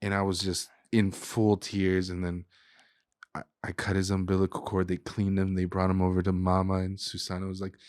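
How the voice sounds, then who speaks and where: A man's voice: sits low, completely flat delivery, normal speed, a little mellow, smooth, dry recording, clean studio sound. A young man, a chef and restaurant guest, telling an emotional personal story in a casual way, full of "dude" and "like". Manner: casual, says "dude" and "like" often.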